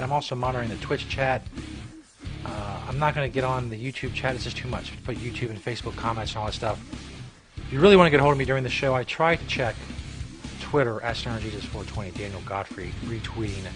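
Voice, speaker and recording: A man hosting a live stream show, talking casually in a profane, rambling, joking way. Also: medium pitch.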